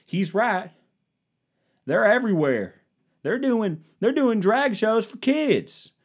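A man's voice: big pitch swings, takes it slowly, slightly rough, exaggerated voice. A man voicing an outraged middle-aged man in a worked-up, indignant rant. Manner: shrill, worked-up ranting.

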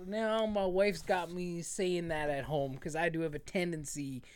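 A man in his thirties co-hosts a film podcast, chatting casually in a slightly high, unhurried voice. He's an animated storyteller who laughs a lot as he tells his stories.

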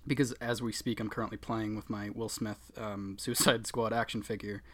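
A man's voice: on the low side, level tone, moderate pace, a crowd in the background. Sarcastic man in casual chat. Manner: sarcastic, swears, laughs often. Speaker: podcast co-host.

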